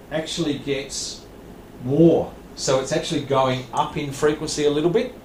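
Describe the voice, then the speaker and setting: A man teaching a radio licence class, explaining plainly with frequent restarts and small laughs. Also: mid-range voice. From Australia. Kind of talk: classroom lecture. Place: training room. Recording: echoey room, faint background hiss.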